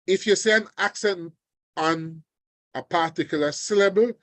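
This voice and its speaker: A man teaching an online exam revision lesson, deliberate and often checking in with his students. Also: sits high, no echo. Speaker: language teacher. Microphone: video call.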